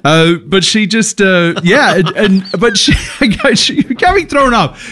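A man's voice: high voice, expressive, slow pace, bright, forceful tone. A middle-aged man co-hosting a radio show, sick with a cold and run down, rambling and laughing at himself in casual chat. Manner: rambling, self-mocking, laughs often. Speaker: radio co-host.

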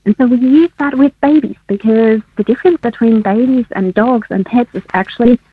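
A woman with a fairly high, breathy voice talks friendly and simply, laughing between points. She comes through a tinny, narrow phone line, as a guest on a radio show. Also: fairly quick. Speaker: guest researcher.

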